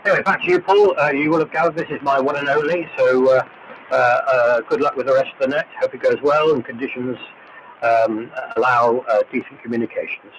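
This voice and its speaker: A man chatting on an amateur radio net, pausing often with drawn-out fillers as he talks. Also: mid-range voice, fairly even intonation. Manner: hesitant, filled with uh pauses. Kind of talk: casual radio net chat. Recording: noisy muffled AM shortwave reception.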